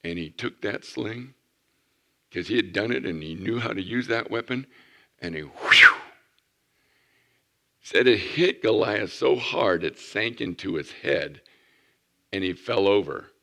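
A man preaching, a pastor telling a lively story to children in church and asking them questions. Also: lowish voice, unhurried, creaky. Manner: animated storyteller, asks the kids questions.

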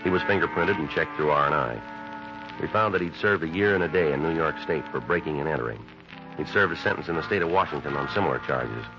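A man's voice: extremely low pitch, animated, fast, music in the background. An actor playing a terse male police detective who narrates and questions suspects in a clipped, matter-of-fact way, in a 1950s radio crime drama on a lo-fi old broadcast. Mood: flat report.

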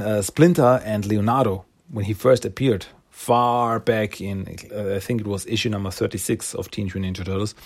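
A man's voice: on the low side, a little mellow. A man casually retelling a comic story, rambling with fillers and slipping into character voices. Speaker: comic recap host.

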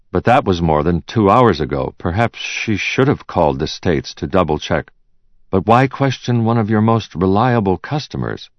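A man reading a thriller audiobook in a measured storytelling manner. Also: low-pitched, no echo. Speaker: audiobook narrator. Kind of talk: scripted narration. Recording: dull, slightly muffled audio.

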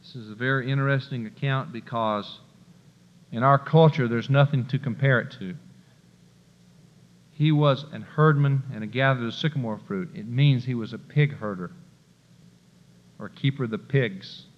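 A man preaching a sermon, swinging between hushed asides and loud, emphatic bursts. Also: mid-range voice, normal speed, long pauses. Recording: dull lo-fi recording with long hall reverb.

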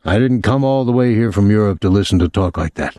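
A male narrator voicing a middle-aged immigrant father who speaks in a calm, conversational, coldly menacing way. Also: on the low side, quick pace, no echo, studio quality, natural voice.

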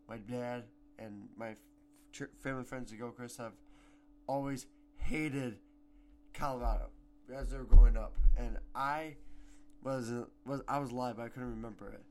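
A teenage boy hosting a casual solo sports podcast at home, rambling and excitable, sometimes breaking into shouts. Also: medium pitch. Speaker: podcast host. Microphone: home microphone.

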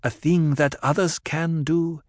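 A man's voice: on the high side, steady tone, measured pace, dry recording, clean studio sound, pitched above the performer's own voice, lightly acted. A man voicing a commanding young desert woman. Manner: quiet, firm, commanding.

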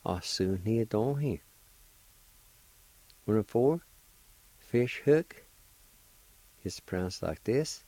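A man's voice: fairly low pitch, lively intonation, slow, long pauses, warm tone, dry recording, rough recording. A man hosting a radio language lesson, patiently spelling and pronouncing each word syllable by syllable. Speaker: radio host teaching Cherokee words. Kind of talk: slow spelling and pronunciation lesson.

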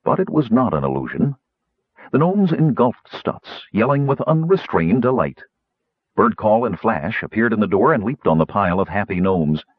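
Low, husky male narrator, expressive storytelling; dry, slightly dull recording. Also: normal speed, dry recording. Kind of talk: audiobook narration.

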